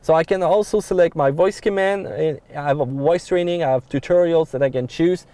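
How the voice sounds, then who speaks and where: This is a dry recording of a male car reviewer with a French accent, talking fairly quickly in a slightly high, dark voice. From inside a pickup truck cab, he loosely walks through the dashboard controls with frequent uh fillers and restarts.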